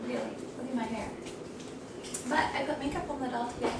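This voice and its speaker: A woman's voice: a little high, fairly quick, vocal fry. A woman chatting casually to camera at home, rambling and self-deprecating as she jumps from one thought to the next. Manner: quirky, meandering, self-deprecating. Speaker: vlogger. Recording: echoey room, distant mic, noisy background.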